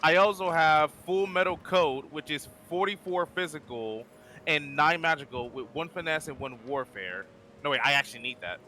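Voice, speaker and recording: A man streaming a video game with friends, casually sorting and auctioning off gear and reading out item numbers with quick restarts. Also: fairly high pitch, lively intonation, bright, forceful tone, a little hiss or hum. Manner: organizing, auctioning items, lists numbers with restarts. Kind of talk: casual gaming chat.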